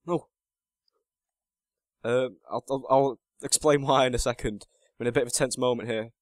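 Chatty teen gamer, dry sound. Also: male voice, mid-range voice, steady tone, normal speed, dry recording. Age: late teens. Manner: chatty and self-mocking, muttering to himself while playing. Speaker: gaming channel host. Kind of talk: casual gameplay commentary.

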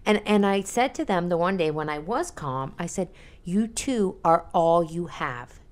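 A woman's voice: on the low side, a little slow. Laughing storytelling mother on a podcast. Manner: animated storytelling, laughs often. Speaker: podcast co-host. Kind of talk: casual chat.

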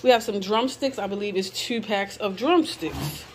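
A woman's voice: medium pitch, lively intonation, moderate pace, noisy background. Easygoing chatty mom vlogger, woman. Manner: easygoing, talks straight to viewers with y'all and um. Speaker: vlogger, mother of two. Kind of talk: casual chatty vlog. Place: at home.

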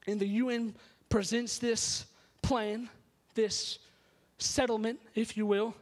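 A pastor preaching an emphatic, story-driven sermon in a church sanctuary. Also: male voice, sits high, little pitch movement, slow pace.

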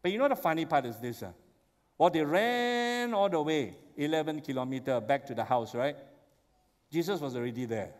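Man, pastor preaching, high voice, lively storytelling, long church reverb. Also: normal speed. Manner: animated storytelling, rises to excited exclamations. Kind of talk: sermon. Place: church sanctuary.

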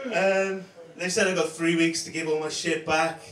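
A man performing a stand-up comedy set on a club stage, with a deadpan, self-mocking delivery full of swearing. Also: fairly high pitch, slow, long pauses. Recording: echoey room, distant mic, loud crowd noise.

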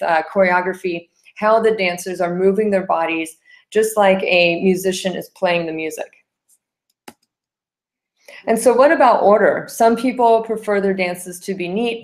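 A woman teaching a dance class, explaining terms with frequent "okay?" checks and counting out rhythms aloud. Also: medium pitch. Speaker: dance instructor. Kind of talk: classroom lecture.

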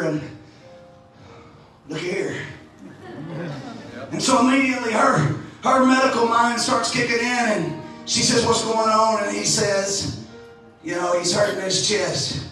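A Texan man preaching a fiery sermon, swinging between shouts and low asides and stumbling over restarts. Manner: shouting, rising and falling, stammered restarts. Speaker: pastor. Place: large church sanctuary. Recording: echoey, distant hall mic.

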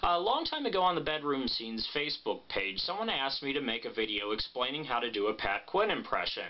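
Animated joking man, lively voice. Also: medium pitch, brisk, few pauses. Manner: animated, joking, blunt and profane. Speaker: vlogger. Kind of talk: casual vlog talk. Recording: muffled lo-fi sound.

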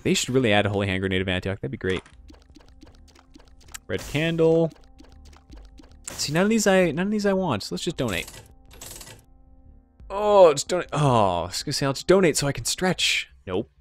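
A man's voice: mid-range voice, expressive, normal speed, long pauses, faint music behind. A man giving casual, rambling gameplay commentary, joking at his own expense and making sound effects. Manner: rambling, self-mocking, sound effects and joke impressions. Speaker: let's play commentator.

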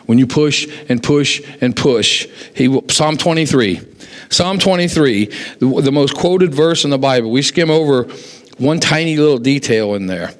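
A pastor preaching a sermon, telling stories and acting out the voices of the people in them. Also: male voice, mid-range voice, moderate pace. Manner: animated storyteller, acts out quoted voices. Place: church sanctuary. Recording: long hall reverb in a church.

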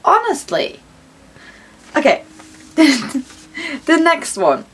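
A young woman with a high voice chats through a casual unboxing vlog, unhurried in her delivery. She gushes freely and swears often. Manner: gushing, excitable, swears often. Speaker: vlogger.

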